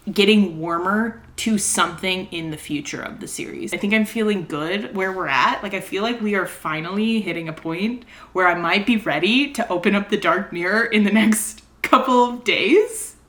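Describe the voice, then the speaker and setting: A woman's voice: lowish voice, a bit bright. A young woman in casual vlog chat about a book series. She thinks aloud with many likes and ums, and she turns emotional and dramatic. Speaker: book vlogger.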